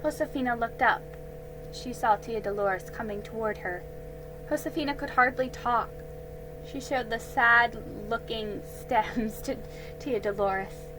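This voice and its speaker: Woman reading a kids' story out loud, bright high voice, slow, a little music under it. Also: low-quality recording. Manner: slow, careful reading with small slips and self-corrections. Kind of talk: storybook read-aloud.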